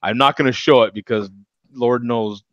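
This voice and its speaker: A man's voice: mid-range voice, steady tone, normal speed, fairly bright tone, no room sound, lo-fi sound. A man hosting a casual beer chat show, talking loosely and chuckling as he rambles. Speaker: host.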